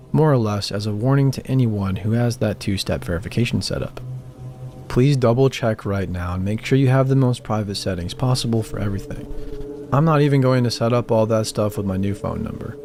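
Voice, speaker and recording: A man narrates scripted horror stories in a calm, even manner. His voice sits low and has a gravelly edge. Steady music plays clearly beneath him. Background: background music.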